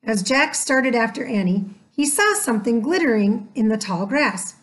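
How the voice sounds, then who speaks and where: A woman narrating a children's chapter book aloud in a gentle, measured way. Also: a little high, expressive. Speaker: storyteller. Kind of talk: scripted storybook narration.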